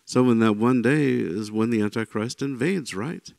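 A man with a gravelly, mid-pitched voice gives an informal, conversational Bible lesson at a moderate pace. He keeps checking in with "right?" and "you know" and grows animated when voicing the people he quotes, recorded without echo.

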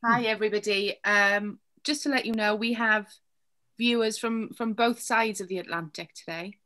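A woman's voice: medium pitch, fairly even intonation, normal speed, bright, forceful tone. A woman moderating an online panel, greeting viewers in a friendly way and reading out audience questions.

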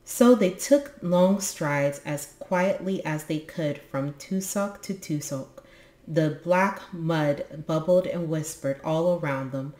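A woman's voice: deep voice, dark tone. A woman reading a children's book aloud on her book channel, with casual, musing asides. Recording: echoey room.

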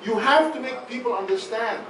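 Man, American-sounding accent, emphatic forum talk, fairly high voice, very echoey hall, distant from the mic. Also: lively intonation, normal speed, fairly bright tone. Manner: emphatic, keeps adding "okay?". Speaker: forum speaker. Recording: very echoey hall, far from the mic, faint noise.

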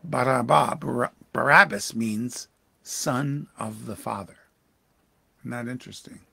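Man, pastor, devotional bible teaching, gravelly, dry close sound, emphatic rises. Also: medium pitch, measured pace, bright, forceful tone, no room sound. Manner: reads scripture aloud and comments on it with sudden emphatic rises. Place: church livestream.

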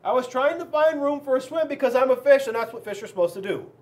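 High, super lively guy reading a kids' book out loud, really playful. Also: fast talker. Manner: animated, expressive storytelling. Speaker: school resource officer. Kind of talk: children's book read-aloud.

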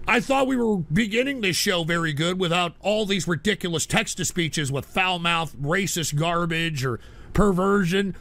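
A man hosting a livestream talk show while sick, ranting in exasperation and bursting into shouts. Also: high-pitched, normal speed, creaky. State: sick, coughing. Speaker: show host.

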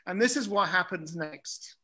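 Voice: mid-range voice, normal speed, sharp tone. A speaker giving a casual, anecdotal webinar talk with frequent fillers.

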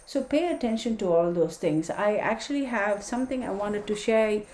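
A woman's voice: mid-range voice, animated, normal speed, darkish tone, reverberant. A woman giving a casual tarot and astrology talk, reading dates aloud and chatting with viewers. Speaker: tarot reader.

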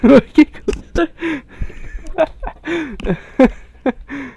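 A young gamer giving casual gameplay commentary through a headset, giggling a lot and yelping and shouting when things go wrong in the game. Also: high voice, extremely slow. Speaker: gaming commentator.

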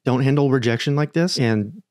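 A man's voice: mid-range voice, a little fast, no echo, studio quality. Sarcastic man reacting to screenshots. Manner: sarcastic and animated. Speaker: social media commentator. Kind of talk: reaction commentary.

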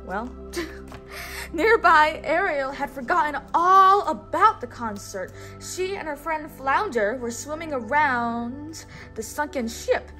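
A young woman reads a storybook aloud in a high, bright-toned voice, stopping often to coax a listener into repeating words. Her delivery is patient and encouraging, with soft music playing faintly behind her. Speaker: teacher.

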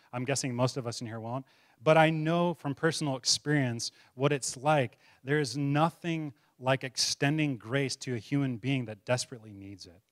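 A man preaching a sermon, retelling a story with lively shifts in loudness and acting out the characters' voices. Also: mid-range voice, no room sound, clean studio sound. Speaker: pastor. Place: church sanctuary.

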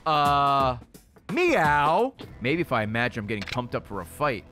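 A man voicing a gruff, stoic male yakuza hero in a terse deadpan read. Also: medium pitch, unhurried, voice pushed down. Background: game music.

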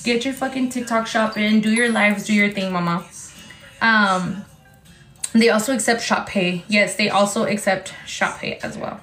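A woman chatting excitedly as she sells clothes on a live stream, talking casually and swearing freely. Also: mid-range voice, moderate pace, roomy sound, faint music behind, poor audio. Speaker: TikTok live seller. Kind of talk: casual livestream sales chat.

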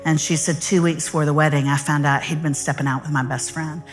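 Low-voiced woman preaching. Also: fairly quick, soft background music. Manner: animated, folksy storyteller. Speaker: guest speaker. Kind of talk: sermon storytelling.

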